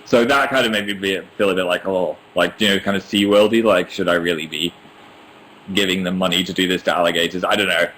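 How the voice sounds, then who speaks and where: A young British man hosts a casual livestream indoors at home, reading viewer comments aloud and chatting in a self-mocking way. His deep, fairly bright voice is fast with fairly even intonation. The laptop webcam microphone gives a rough recording with slight background noise.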